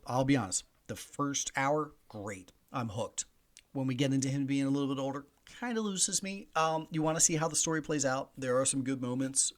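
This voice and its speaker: A man in his forties hosting a podcast, chatting casually and animatedly through movie reviews and news. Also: mid-range voice. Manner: animated, chatty, mock voices in quotes. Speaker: podcast host. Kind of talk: solo movie review chat.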